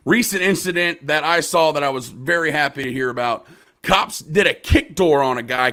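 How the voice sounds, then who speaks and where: A man hosting a casual podcast discussion, talking with profanity and rising into passionate rants between quieter stretches. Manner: profane, impassioned, swings from low mumbles to loud rants. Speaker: podcast host.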